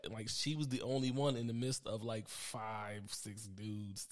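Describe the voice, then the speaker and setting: A lower-pitched man chatting on a podcast. He tells stories in a loose, slangy, laid-back way. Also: flat delivery, a little slow, few pauses. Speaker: podcast co-host. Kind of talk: casual chat.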